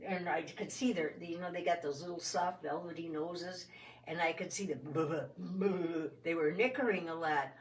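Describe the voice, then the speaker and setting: A woman telling a children's story in a folksy, expressive first-person way. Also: fairly low pitch, moderate pace, far from the mic, a little hiss or hum. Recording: roomy sound from off the mic.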